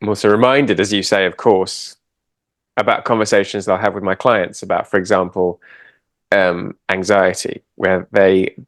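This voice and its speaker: A man co-hosting a podcast and working with clients, talking in a calm, agreeable, musing way. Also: deep voice, moderate pace, dry recording, studio quality. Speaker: podcast co-host and coach. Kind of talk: reflective conversational chat.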